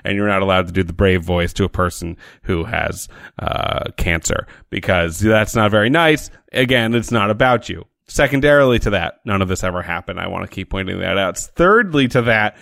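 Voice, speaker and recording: A man's voice: deep voice, normal speed, vocal fry, a bit bright, no room sound. A man co-hosting a podcast, giving dry, sardonic commentary and counting off his points. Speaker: podcast co-host. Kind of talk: casual chat.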